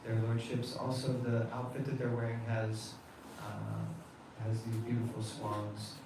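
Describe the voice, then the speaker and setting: A man telling a devotional story to a temple gathering in an animated, laughing way. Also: mid-range voice, a little slow. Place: temple hall. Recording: echoey hall, distant mic, faint noise.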